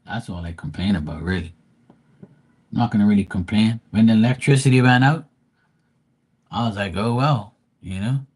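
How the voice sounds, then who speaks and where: A man's voice: lowish voice, fairly quick, long pauses, a little mellow, husky. A man from Bermuda hosting a live tarot stream, ranting bluntly and profanely in casual chat.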